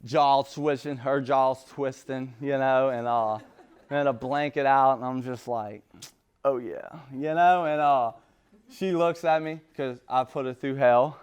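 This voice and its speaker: A man's voice: medium pitch, fairly even intonation, unhurried, clear, resonant tone. A man telling his recovery story in a rambling, casual way, full of street slang. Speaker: recovery speaker. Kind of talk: personal recovery talk.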